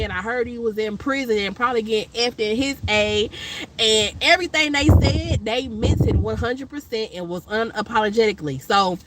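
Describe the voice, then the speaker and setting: A woman vlogger, telling a rambling personal story with many fillers and loud, high impressions of other people. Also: background noise. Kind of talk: casual storytelling chat.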